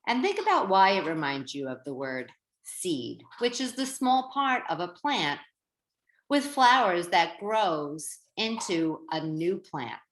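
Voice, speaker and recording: A woman teacher giving a reading lesson to young children, slow and sing-song, stretching out words. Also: on the low side, very animated. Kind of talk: early-grade reading lesson. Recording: roomy echo.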